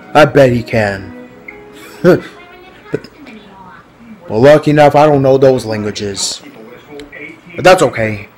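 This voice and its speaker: A man with a mid-range voice chats casually with his viewers in a rambling, repetitive vlog, laughing often. The recording is rough.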